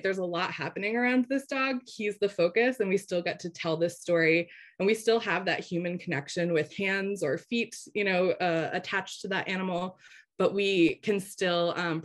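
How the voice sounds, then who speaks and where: Woman presenting, voice going hoarse. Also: lowish voice. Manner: conversational, checks in with "right?". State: losing her voice. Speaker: webinar presenter. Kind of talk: slide-based webinar presentation.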